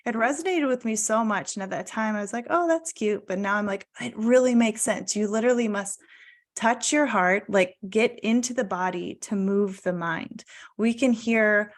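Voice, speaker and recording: A woman in her thirties leading a guided mindfulness talk on a video call, gentle and encouraging, stretching out key words. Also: medium pitch, moderate pace. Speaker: wellness coach.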